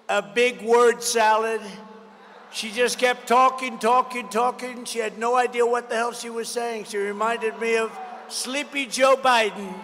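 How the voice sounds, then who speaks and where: A man's voice: extremely high pitch, fairly bright tone. A man in his seventies giving a combative, repetitive campaign rally speech in a large indoor expo hall, riffing off the crowd. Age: 70s. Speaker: political candidate. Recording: long reverb in a big hall, faint noise.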